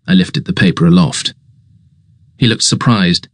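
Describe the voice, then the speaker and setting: A man narrating a comic story in a lively way. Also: sits low, measured pace, pauses often, no echo, clean studio sound.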